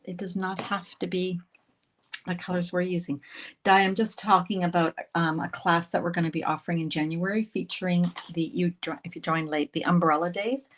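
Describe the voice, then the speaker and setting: A woman, hosting a casual crafting tutorial livestream, chatting as she works and slipping into soft murmured asides. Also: lowish voice, fairly even intonation, normal speed, poor audio. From Canada. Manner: chatty, talks while working, drifts into soft murmured asides. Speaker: craft instructor and livestream host.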